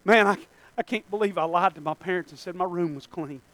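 A male preacher, delivering a sermon that swings between hushed pleading and loud shouting. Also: sits high, brisk, no echo.

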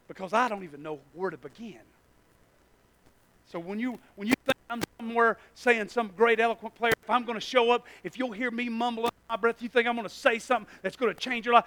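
A pastor preaching a sermon, swinging from soft, mumbled asides to loud, stretched-out cries. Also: male voice, very high-pitched.

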